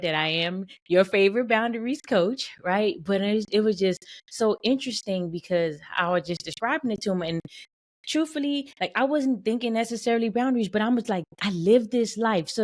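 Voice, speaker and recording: A woman hosting her own podcast as a boundaries coach, talking casually with many fillers, repeated phrases and "y'all", often laughing. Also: mid-range voice. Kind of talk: casual solo podcast monologue.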